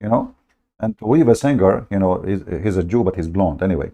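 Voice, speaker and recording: A man hosting a live stream in a sarcastic, mocking manner, laughing at his own points. His voice is low and gravelly, with a dark, mellow tone. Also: animated, fairly quick.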